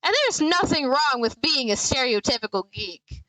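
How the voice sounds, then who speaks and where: A woman's voice: high voice, lively intonation, normal speed, sharp tone, no room sound, poor audio. A woman streamer chatting and rambling in asides while playing a story game live.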